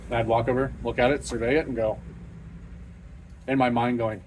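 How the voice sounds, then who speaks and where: Talking fast in a low-side voice with fairly even intonation, this middle-aged car channel host vlogs off the cuff from his home garage over slight background noise. His delivery is blunt and plain-spoken, peppered with swearing, matter-of-fact and self-deprecating.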